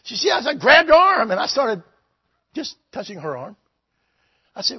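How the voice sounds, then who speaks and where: Male pastor, husky voice, very high pitch, fervent shouting revival sermon, muffled lo-fi recording. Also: huge pitch swings, normal speed, long pauses, no echo. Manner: shouting, fervent preaching with many repeated phrases.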